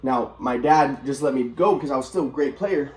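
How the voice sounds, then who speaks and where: A man's voice: mid-range voice, moderate pace, darkish tone, husky. A young adult man vlogging, telling a personal story in a rambling, aggrieved way with frequent restarts.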